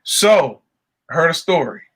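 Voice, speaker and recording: Bright-voiced joking podcast host. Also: male voice, a little high, unhurried, breathy edge. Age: adult father. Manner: joke-telling, animated, laughs often. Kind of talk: casual chat.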